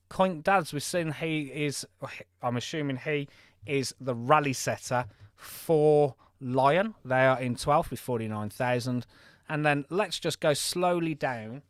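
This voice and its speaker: A man's voice: mid-range voice, dry recording, studio quality. Chatty man with a mild Birmingham accent. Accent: mild Birmingham English. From Birmingham, England. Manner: chatty, friendly, reads out scores and thanks viewers. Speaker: game live-stream host. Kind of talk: live game commentary and chat.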